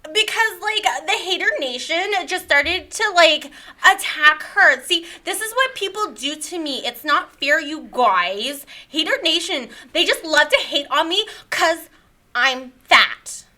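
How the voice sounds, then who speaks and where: A high, bright voice whines through every sentence, as a woman plays a self-pitying young internet personality with a put-on Southern drawl. She sounds defensive and filler-heavy, always circling back to "like, you guys", in a comic parody. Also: expressive, unhurried, heavily acted. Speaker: podcast guest character. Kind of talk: comedic parody impression.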